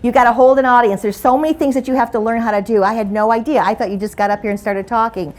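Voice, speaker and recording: A woman's voice: fairly high pitch, steady tone, fast talker, darkish tone. A middle-aged woman giving a humorous keynote talk, telling stories in a playful, conversational way. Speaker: motivational speaker.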